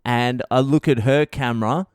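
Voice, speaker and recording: A comedian hosting his own podcast tells a comic story in a profane, rambling, self-mocking way. His medium-pitched voice is clear and resonant, delivered at a normal speed, and the clean studio sound has no room echo.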